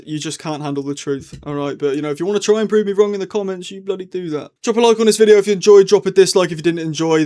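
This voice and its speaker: Fast-talking cheeky young man. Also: a little high, a little mellow. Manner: cheeky, slangy, mock-defiant. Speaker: vlogger. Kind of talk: casual opinion ramble.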